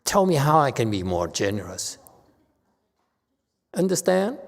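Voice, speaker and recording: A gravelly-voiced man gives a dharma lecture in a blunt, argumentative way. His pitch swings widely from low mutters to sharp rises. The sound rings with a long hall reverb. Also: very animated, measured pace. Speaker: Buddhist teacher.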